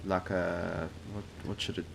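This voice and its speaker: A man's voice: low-pitched, flat delivery, measured pace, vocal fry. A young man giving hesitant, rambling commentary over his flight game footage, with many fillers. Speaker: gaming channel host. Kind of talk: gameplay commentary. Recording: background game noise.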